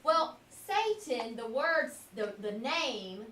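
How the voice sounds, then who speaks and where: High-voiced woman teacher in an echoey classroom. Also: sing-song, pushed and bright. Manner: patient, questioning, drawn-out word modelling. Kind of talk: classroom phonics lesson. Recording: echoey classroom from a distance with faint hiss.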